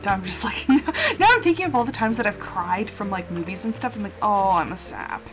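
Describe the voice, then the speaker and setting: A woman's voice: mid-range voice, big pitch swings, fast. A young woman chatting casually while she streams a game live, gushing and emotional, laughing often and exclaiming a lot. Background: game music.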